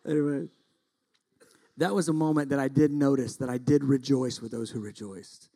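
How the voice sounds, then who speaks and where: A middle-aged male pastor preaching, telling a story with lively acted-out quotes. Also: mid-range voice, fairly quick. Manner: animated storytelling, acts out quotes loudly. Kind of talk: sermon.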